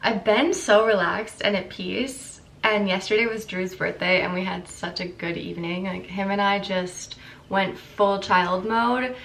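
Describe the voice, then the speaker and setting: A young woman in her twenties with a croaky morning voice, chatting candidly and rambling to camera as a vlogger. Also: mid-range voice, fairly even intonation, measured pace, a bit bright, distant mic, slight background noise. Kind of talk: casual chat to camera.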